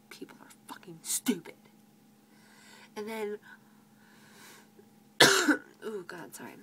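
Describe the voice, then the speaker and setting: A teen cashier from the United States whispers a venting vlog rant about rude grocery customers, exasperated and sarcastic, swearing freely and mocking their voices. Her mid-range voice is husky, bright and forceful, sing-song and very slow with long pauses, on a rough recording.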